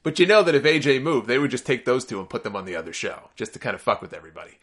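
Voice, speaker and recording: A man hosts a solo podcast, running through the week in a bright, forceful voice. He is opinionated and sarcastic, and he gets exasperated and worked up along the way. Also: medium pitch, very animated, rapid-fire, breathy edge. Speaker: podcast host.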